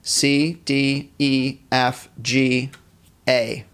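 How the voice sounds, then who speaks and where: A man's voice: medium pitch, level tone, drawn-out words, a bit bright, smooth. A man teaching a live online band class, cheerfully reading chat questions aloud and encouraging students. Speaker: music teacher.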